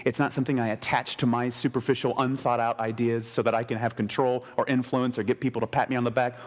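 A man preaching a sermon in a mid-range voice, talking to the congregation conversationally and punching key phrases with emphatic asides. He often restarts his sentences. The sound rings with a long reverb, as in a large hall. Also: medium pitch. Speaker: pastor.

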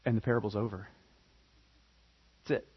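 A man preaching a sermon, telling the story with animated, dramatic emphasis. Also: on the low side, normal speed, slightly rough. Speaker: pastor. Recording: dull lo-fi recording.

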